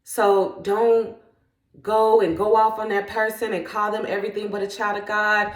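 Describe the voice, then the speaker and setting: A woman's voice: medium pitch, little pitch movement, normal speed, roomy sound. A woman who is a parent, sharing reflective faith-based thoughts in an earnest, conversational way. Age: adult parent. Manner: earnest, conversational, often trails into "like". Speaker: self-help vlogger.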